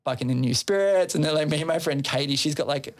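A man's voice: on the high side, quick pace. A man who organizes a festival, telling a long story in casual chat, swearing freely and laughing between phrases.

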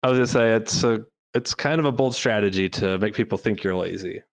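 A man on a casual podcast, giving his picks in a relaxed way that often trails off. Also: fairly low pitch, fairly quick. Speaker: podcast co-host.

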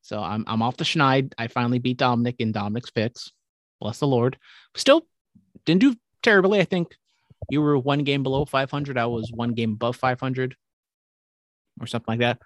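A man's voice: medium pitch, steady tone, no echo, studio quality. A young man hosting a casual sports podcast, rambling and swearing freely as he goes through picks. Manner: rambling, profane, quick asides. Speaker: podcast host.

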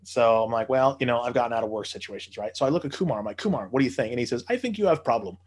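A man telling a casual anecdote, animated, swearing freely and acting out the voices of the people he quotes. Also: medium pitch, racing. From United States.

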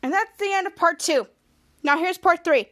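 High bright-voiced woman recapping a show. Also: moderate pace. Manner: retells scene by scene with repeated "cut to", acts out lines. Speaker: podcast host. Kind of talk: casual episode recap.

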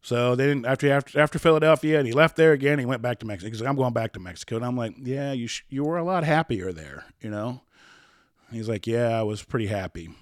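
A man's voice: medium pitch, quick pace, no echo, clean studio sound. A man telling a personal story as a podcast guest, rambling, repeating words and acting out old conversations.

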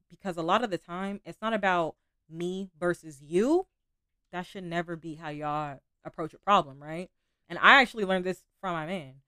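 A woman's voice: on the low side, normal speed, pushed and bright, clean tone, no room sound, studio quality. A young woman hosting a podcast, talking candidly and casually about relationships, with some swearing. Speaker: podcast host.

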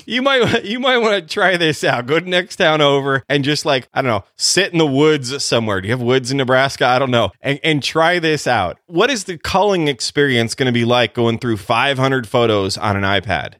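Bright-voiced joking podcast co-host man. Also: medium pitch, normal speed, few pauses, no room sound, clean studio sound. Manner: jokey teasing with self-described dad jokes. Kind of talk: casual podcast banter.

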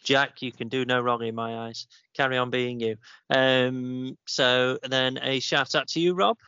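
Bright cheeky podcast co-host. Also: male voice, mid-range voice, steady tone, clean tone, dry recording. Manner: cheeky, quick banter. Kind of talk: casual podcast chat. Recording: dry, dull lo-fi remote recording.

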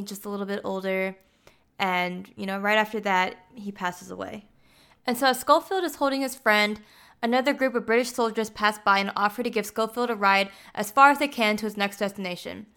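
Woman, mid-pitch, clear smooth voice, chatty recap of a film, lots of "like". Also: fairly bright tone. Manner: chatty, heavy use of "like" fillers. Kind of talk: casual film plot recap.

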